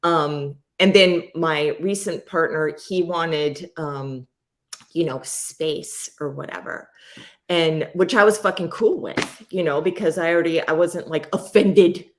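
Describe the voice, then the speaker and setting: A woman's voice: low-pitched, measured pace. A woman hosting a casual live chat, talking candidly and ramblingly and swearing freely. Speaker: host.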